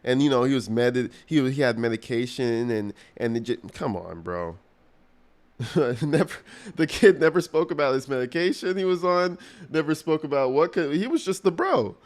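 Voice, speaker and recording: Reacting to a clip on a casual livestream, this man rambles in a crude, mocking style packed with slang. He talks at a moderate pace with an animated, medium-pitched voice.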